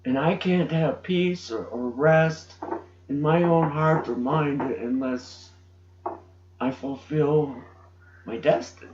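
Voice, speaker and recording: A middle-aged man giving an emotional personal testimony, halting and restarting as he speaks. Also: fairly high pitch, background noise. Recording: dull roomy home recording.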